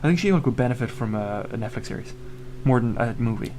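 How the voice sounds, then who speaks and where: A man's voice: medium pitch, animated, quick pace, a little mellow, slight background noise. A man rambling through a casual chat, often restarting his sentences. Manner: rambling, restarts, acts out characters' lines. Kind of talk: casual chat about superheroes.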